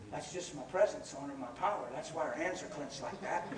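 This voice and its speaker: A man preaching a sermon and telling stories, animated, laughing, and shouting at the peaks. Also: on the high side, fairly quick. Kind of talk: sermon with storytelling. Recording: echoey hall from far off with crowd.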